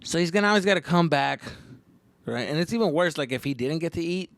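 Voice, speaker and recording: A man's voice: on the high side, lively intonation, fast talker, dry recording. A man in his thirties hosting a podcast and casually telling a story, loose and heavy on profanity. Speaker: podcast host.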